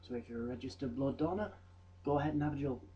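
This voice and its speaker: A man's voice: medium pitch, fast, dark tone, lo-fi sound, slight background noise. A young man presenting trivia in a rambling, jokey vlog with mock-voice asides. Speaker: vlogger. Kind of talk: comedic fact vlog.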